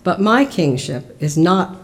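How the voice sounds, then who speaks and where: A church lector reading the part of a calm prisoner on trial, measured and solemn. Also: medium pitch. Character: calm teacher on trial, steady and grave. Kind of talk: liturgical Scripture reading.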